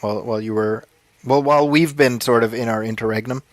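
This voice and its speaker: Podcast co-host, man, forties, halting and wry, dry close sound. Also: mid-range voice, fairly even intonation, dry recording. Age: 40s. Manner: halting, restarts phrases, wry. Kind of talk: casual chat.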